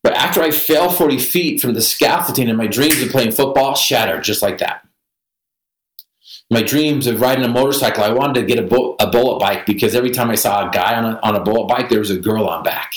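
A man's voice: medium pitch, a little fast, echoey room, low-quality recording. A man as a podcast guest, telling a vivid personal story with self-deprecating humor.

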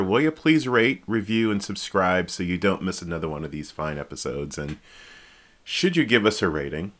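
A man hosting a podcast, giving casual, jokey political commentary that rambles, restarts and breaks into sudden high exclamations. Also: a bit bright. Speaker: podcast host. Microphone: podcast microphone.

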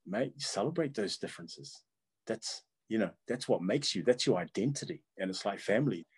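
A middle-aged man from Tonga speaks. His voice is low and husky. He tells his life story in an earnest, animated way and chuckles as he remembers. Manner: earnest, animated, chuckles often while recalling. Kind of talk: reflective personal storytelling.

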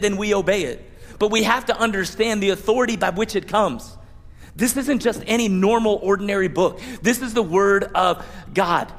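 A man preaching a sermon as pastor, animated, playfully acting out prayers and Bible scenes. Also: high-pitched, in a large hall.

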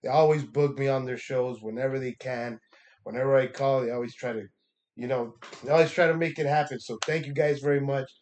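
A man's voice: medium pitch, fairly even intonation, brisk, a little mellow, highs cut off, slight background noise. A young man, a stand-up comedian from Texas, giving a loose, profane recap of his week, laughing often and acting out what people said. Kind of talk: casual recap monologue.

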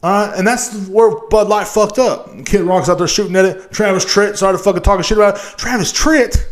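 A man's voice: high-pitched, steady tone, fairly quick, roomy sound. A man from Texas, hosting a podcast in a profane, rambling, riled-up solo rant. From Texas, USA. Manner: riled-up, swears constantly, rambling. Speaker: podcast host.

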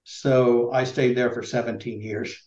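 A man's voice: medium pitch, little pitch movement, unhurried, darkish tone, reverberant, lo-fi sound. A middle-aged man from Indiana, a political candidate, talking casually in an interview with lots of fillers and restarts. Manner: rambling, many fillers and restarts.

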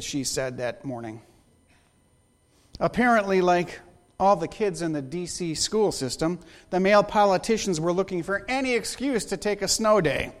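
A man preaching a sermon, praying and telling stories in a joking, animated way. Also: sits high. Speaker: pastor.

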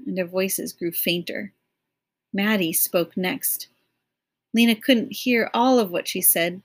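Measured, expressive woman reading aloud. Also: medium pitch. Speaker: audiobook narrator. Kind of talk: audiobook reading of a novel.

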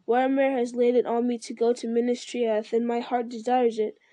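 A woman's voice: on the high side, level tone, brisk, mellow, no room sound, close to an everyday voice. A woman voicing a grave, burdened male ranger and leader, speaking in a solemn, weary way.

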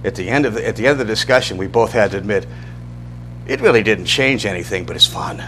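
A man's voice: on the low side, quick pace, pushed and bright, a little hiss or hum. A middle-aged man teaching an informal church Bible class, talking conversationally, asking the class questions and often restarting his sentences.

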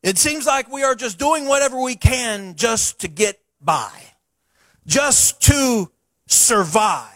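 A middle-aged man, a pastor preaching a sermon to his church in a folksy, animated way with chatty asides. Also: extremely high pitch, takes it slowly, dry recording, studio quality. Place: church sanctuary.

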